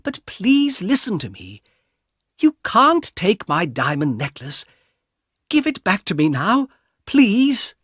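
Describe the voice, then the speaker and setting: Storybook figure: a man putting on a frightened young woman, high-pitched, pleading, unhurried. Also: huge pitch swings, fairly bright tone, husky, dry recording, clean studio sound, full character voice.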